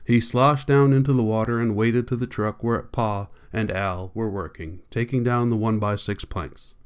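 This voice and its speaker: Smooth-voiced man reading a novel aloud. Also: fairly low pitch, steady tone, moderate pace. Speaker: audiobook reader. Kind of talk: audiobook narration.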